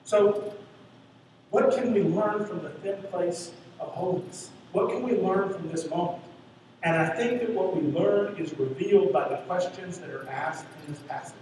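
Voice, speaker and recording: A man's voice: sits high, normal speed, darkish tone. A male pastor preaching a sermon in a church sanctuary, earnest and questioning, repeating lines for emphasis. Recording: echoey hall from far off, faint hiss.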